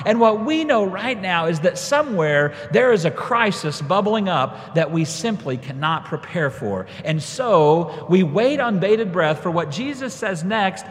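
A man preaching a sermon, telling a personal story and tying it to scripture, his voice rising when he quotes his younger self. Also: high-pitched. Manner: storytelling, rises when quoting himself. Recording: long reverb of a large hall.

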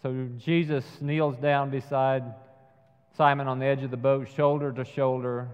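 A man preaching a sermon, retelling a film scene slowly and measuredly. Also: medium pitch, level tone, clean tone. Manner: slow, measured storytelling with acted quotes. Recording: dull sound with long hall reverb.

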